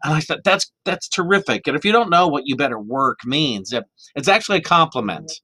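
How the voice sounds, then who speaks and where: A man's voice: mid-range voice, fast talker, slightly rough, no room sound. Guy preaching a chatty sermon, lots of restarts, dry close sound. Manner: animated, chatty, with many restarts and playful quoted voices. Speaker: minister. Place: church sanctuary. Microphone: microphone.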